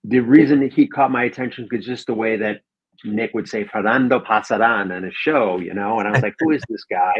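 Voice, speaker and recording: Husky man, guest collector, rambling, dull lo-fi call audio. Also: lowish voice, fairly even intonation, fairly quick. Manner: enthusiastic, rambling, many ums. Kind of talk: casual chat about comic art.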